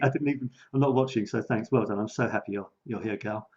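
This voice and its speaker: A man's voice: fairly low pitch, fast, a little mellow, lo-fi sound. A man giving a casual live-streamed coaching talk, chatty and self-mocking, laughing often and repeating words as he goes. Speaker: creativity coach.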